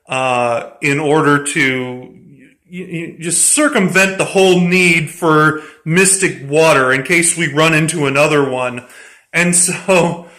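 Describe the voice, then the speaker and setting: A man's voice: on the high side, pushed and bright. A man casually retelling a tabletop game session, rambling and profane, often breaking into laughter. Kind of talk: casual storytelling.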